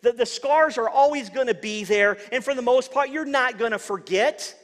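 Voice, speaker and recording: Male pastor, higher voice, earnest sermon delivery with stumbles and repeats, long hall reverb. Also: moderate pace. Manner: earnest, repeats words when searching for them.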